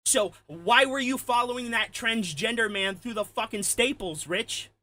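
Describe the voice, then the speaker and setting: A man delivering an angry, profane ranting commentary, heated and shouting at times. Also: very high-pitched, moderate pace. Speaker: commentary streamer.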